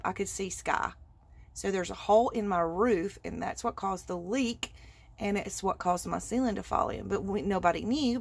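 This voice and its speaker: A woman's voice: medium pitch, dry recording. A woman, hosting a craft vlog, chatting casually and rambling through a story with laughs. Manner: animated, rambling, laughs while telling. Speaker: craft channel host.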